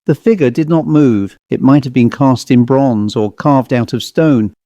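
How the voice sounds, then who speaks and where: A man reading a ghost story aloud in a steady, measured way, close to the mic. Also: medium pitch, no echo. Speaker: audiobook narrator. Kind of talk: scripted ghost story narration.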